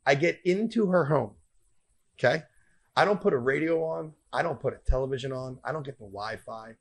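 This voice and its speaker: A man's voice: mid-range voice, a little fast, creaky. A man hosting a comedy podcast who tells a rambling story with lots of profanity.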